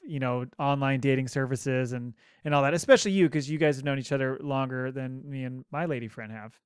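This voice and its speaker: A man's voice: mid-range voice, a little fast, clean tone, no room sound, studio quality. A man in his thirties co-hosting a podcast, chatting casually and joking, laughing often. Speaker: podcast co-host. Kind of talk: casual chat.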